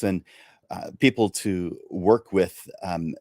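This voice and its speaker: Male livestream host, deep voice, earnest coaching tone, dry sound. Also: normal speed, darkish tone, no room sound. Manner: earnest, coaching, many restarts. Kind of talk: livestream talk to viewers.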